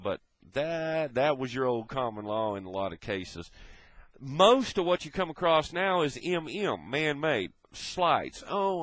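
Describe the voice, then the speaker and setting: A man's voice: mid-range voice, a bit bright, no echo, low-quality recording. Blunt, swearing man ranting. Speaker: video blogger. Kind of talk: profane ranting monologue.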